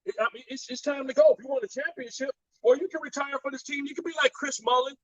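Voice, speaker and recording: A man hosting a casual, profane sports chat, mocking players with quick impressions and laughing a lot. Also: very high voice, steady tone, lo-fi sound, slight background noise. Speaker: podcast host.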